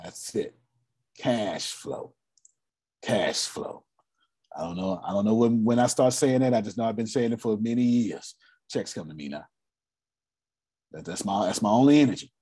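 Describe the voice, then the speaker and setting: A man coaching a live audience on business cash flow, animated and repetitive. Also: fairly low pitch, moderate pace, slightly rough, dry recording. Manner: animated, repetitive, drops into playful put-on voices. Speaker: finance coach. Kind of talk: live online business teaching.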